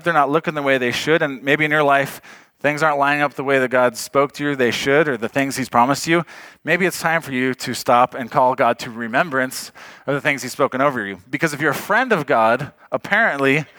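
A man's voice: medium pitch, a little fast, bright, forceful tone, dry recording. A man preaching a sermon in a conversational way, often chuckling and saying "like".

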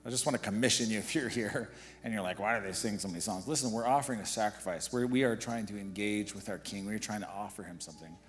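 A man's voice: fairly low pitch, fast talker, faint music behind. A man preaching a sermon as pastor of a church, exhorting the congregation and building to emphatic passages. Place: church sanctuary.

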